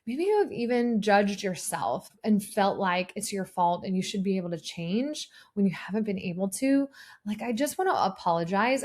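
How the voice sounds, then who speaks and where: Woman in her thirties, podcast host, nurse practitioner, earnest, personal, chatty with fillers and restarts, mid-pitched voice. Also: a little mellow. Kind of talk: solo podcast talk.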